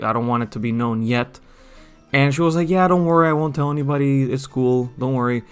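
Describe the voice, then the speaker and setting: A man's voice: medium pitch, clean tone. A young man telling a personal story in a chatty vlog voice, with many fillers and self-corrections. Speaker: storytime vlogger. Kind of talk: casual storytelling over gameplay.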